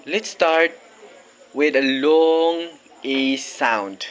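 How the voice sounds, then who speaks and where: A man teaching a phonics lesson to children, slowly and patiently repeating each word and encouraging the learners. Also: a little high, pushed and bright.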